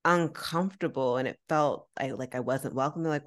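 A woman co-hosting a podcast, telling a personal story in a casual, animated way, acting out quoted dialogue and using slang. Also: sits low, fast talker. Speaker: podcast co-host.

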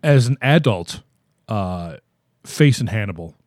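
A man's voice: lowish voice, lively intonation, unhurried, a little mellow, no echo, studio quality. A man co-hosting a podcast, chatting casually in a rambling, profane way. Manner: rambling, profane, laid-back. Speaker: podcast co-host. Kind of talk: casual chat.

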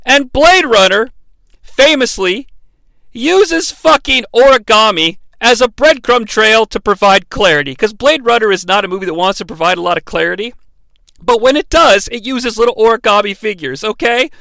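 A man's voice: high-pitched, lively intonation, normal speed, creaky, sharp tone, no room sound. A man hosting a comedic bad-movie review, talking in a sarcastic, rambling way full of swearing.

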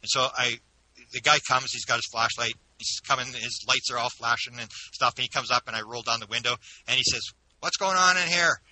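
Guy telling his story in an interview, quick and animated, keeps restarting, really bright sharp voice. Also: medium pitch, a little hiss or hum, low-quality recording. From Canada. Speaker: interview guest.

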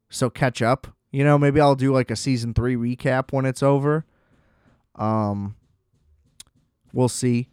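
A man's voice: medium pitch, darkish tone, clean tone, dry recording, studio quality. A young man chatting casually on his own, rambling, swearing freely and laughing often. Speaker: solo vlogger. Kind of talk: casual chat.

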